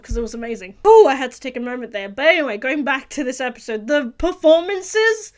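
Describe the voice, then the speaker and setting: A woman's voice: high-pitched, expressive, quick pace, hardly any pauses. A woman hosting a casual video reaction review, talking earnestly and gushingly with many restarts and fillers. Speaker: reaction channel host.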